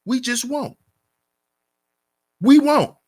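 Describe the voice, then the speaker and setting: A man's voice: very high-pitched, lively intonation, extremely slow, a little mellow. A man hosting his own channel, giving an emphatic commentary rant full of repeated rhetorical questions. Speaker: channel host.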